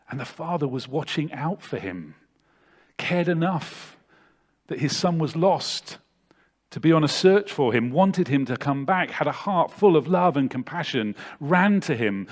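Male preacher, slightly high voice, dramatic delivery dropping to near-hushed. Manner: dramatic, swings from loud to hushed. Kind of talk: sermon.

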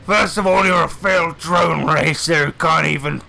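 Brief: fat male cyborg boss, voiced by a man in a tabletop game; mocking and crude, raised pitch with a gravelly edge. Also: steady tone, normal speed, pushed and bright, full character voice. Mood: taunting. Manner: taunting, gloating, crude. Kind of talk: tabletop role-play character voice.

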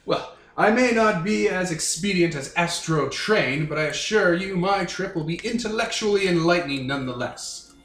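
A man's voice: high voice, lively intonation, normal speed, a bit bright. A man voicing a snooty, pompous ancient robot shuttle in a fake British accent, with grand formal phrasing. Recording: roomy recording, faint music.

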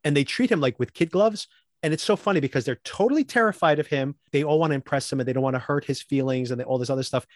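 A man co-hosting a podcast, recapping a TV episode in casual chat, animated and laughing often as he acts out lines. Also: on the high side, fast, no room sound, clean studio sound. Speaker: podcast co-host.

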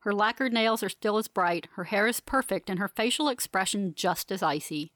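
A woman narrating a first-person audiobook in a steady, composed, unemotional way. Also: mid-range voice, moderate pace, dry recording, clean studio sound.

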